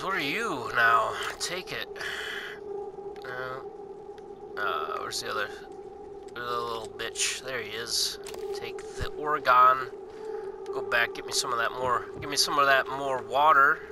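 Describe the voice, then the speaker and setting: Here the same kind of young gamer talks over his gameplay in a mid-range, fairly even voice, unhurried and with long pauses, still swearing and joking to himself. Game music plays behind him amid a noisy background.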